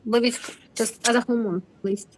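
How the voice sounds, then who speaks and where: A woman student answering her teacher in an online class, halting and searching for words. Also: fairly high pitch, steady tone, dry recording, poor audio.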